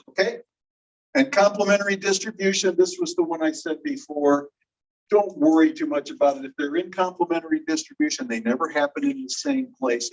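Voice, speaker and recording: A male teacher giving a recorded lecture, patiently explaining and slowly repeating example words. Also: mid-range voice. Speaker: linguistics teacher. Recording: distant, dull lecture recording.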